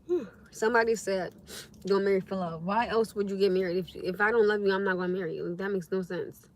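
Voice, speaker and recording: A young woman hosting a casual livestream, telling stories to her viewers in a lively, expressive way with frequent laughs. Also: medium pitch, quick pace. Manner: animated storytelling, laughs often, acts out her own past speech. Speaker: livestream host.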